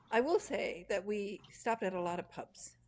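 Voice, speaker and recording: A woman's voice: mid-range voice, a little mellow. A woman hosting an interview, chatting casually and laughing through rambling anecdotes. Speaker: podcast host.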